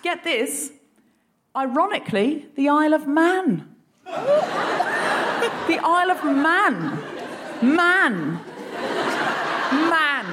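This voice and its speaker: A woman with an Australian accent hosting a live comedy quiz, playful and chatty, quick with asides. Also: high-pitched. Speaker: comedy podcast host. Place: live venue stage.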